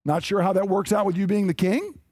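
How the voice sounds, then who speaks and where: A man delivering a sermon with a noticeably high voice, emphatic yet chatty, slipping into short acted asides. The sound is dry and close, with almost no room echo. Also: a little fast, darkish tone. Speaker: preacher.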